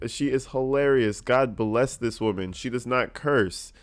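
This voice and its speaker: A man giving casual, joking reaction commentary, peppered with cursing and animated asides. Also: medium pitch, a little slow.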